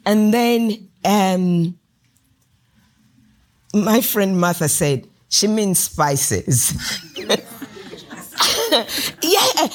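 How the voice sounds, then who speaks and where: A woman's voice: mid-range voice, drawn-out words, long pauses. A woman with a Ugandan English accent, a guest author telling stories with lots of laughter in a podcast interview. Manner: animated anecdotal telling, laughs often.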